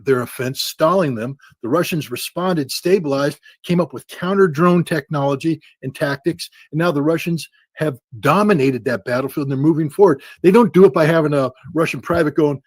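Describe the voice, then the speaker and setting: A man giving blunt, sarcastic political commentary, mocking with quick acted quotes. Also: a little high, no room sound.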